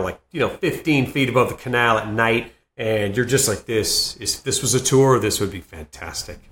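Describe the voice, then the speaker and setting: Man telling war stories in an echoey room. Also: medium pitch. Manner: animated anecdotes, laughs through lines. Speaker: comedian and Marine veteran guest. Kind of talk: storytelling interview. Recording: roomy echo.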